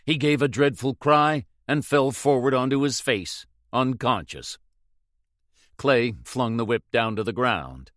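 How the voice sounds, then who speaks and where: A man narrating an audiobook in a measured, dramatic reading. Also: medium pitch, a bit bright, dry recording, clean studio sound.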